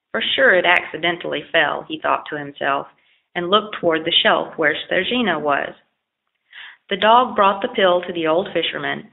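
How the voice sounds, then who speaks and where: A woman narrates a storybook tale in a low, gravelly voice with a steady, plain delivery. The recording is thin and tinny, like a phone line. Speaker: audiobook reader.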